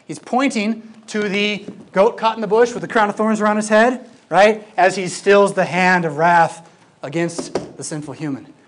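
A Bible teacher giving a classroom lecture, emphatic and lively, with informal asides. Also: medium pitch, normal speed, a little hiss or hum. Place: classroom with a projected screen.

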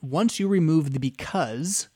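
A man's voice: on the high side, measured pace, warm tone, slightly rough. A pastor giving a conversational teaching lecture, often checking in with his listeners by asking "right?".

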